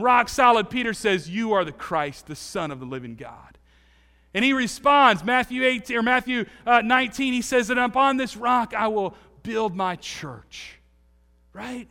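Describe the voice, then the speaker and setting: A man preaching a sermon as pastor, acting out quoted voices and swinging from loud to hushed. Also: high-pitched, smooth, big-room sound.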